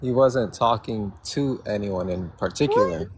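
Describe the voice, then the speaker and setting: A man with a somewhat low voice calls in over a remote call mic. He argues in a slow, halting way and keeps restarting his sentences. A faint noise sits behind him. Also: lively intonation. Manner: halting, measured, many restarts. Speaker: caller. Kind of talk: debate argument.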